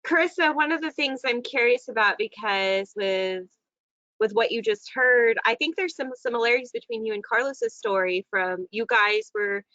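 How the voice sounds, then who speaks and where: Bright-voiced woman hosting a video call. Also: fairly high pitch, lively intonation, moderate pace, no room sound. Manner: playful, joking. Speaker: support group moderator. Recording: muffled video call audio.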